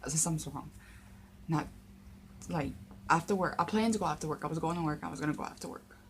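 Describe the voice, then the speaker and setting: A young woman vlogger telling a personal story, emotional and halting, close to tears, with many fillers and restarts. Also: low voice, a little hiss or hum. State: tearful, near crying. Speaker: paranormal vlogger.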